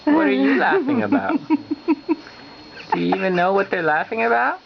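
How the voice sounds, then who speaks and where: A man's voice: very high-pitched, expressive, normal speed, creaky. A man using playful baby talk while feeding a baby at home, laughing often, on a muffled home video with background noise.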